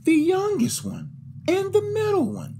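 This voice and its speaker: A young man co-hosting a podcast in casual chat, animated and slangy, often acting out other people's voices. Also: very high-pitched, measured pace, gravelly, noisy background. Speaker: podcast co-host.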